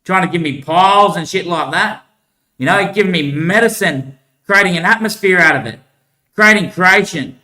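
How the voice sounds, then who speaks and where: A man's voice: high-pitched, moderate pace, sharp tone. A man talking in a long rambling monologue, laughing between thoughts. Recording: echoey room.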